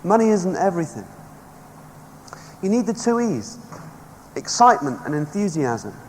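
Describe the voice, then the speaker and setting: Before a live audience in a large hall, a motivational speaker gives an emphatic seminar, stirring people with stories. His high voice is very animated and a little mellow, at normal speed. Faint background noise and echo mark the recording.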